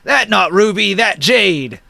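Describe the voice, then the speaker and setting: A man voicing dim-witted male giants who speak in slow, broken, simple grammar. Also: high-pitched, expressive, creaky, bright, forceful tone, dry recording, voice pushed up, heavily acted. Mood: dopey.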